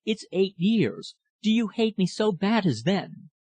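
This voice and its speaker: A man's voice: mid-range voice, big pitch swings, unhurried, darkish tone, husky, dry recording. A man voicing a bitter woman who taunts and pleads with a shaking voice. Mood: pleading.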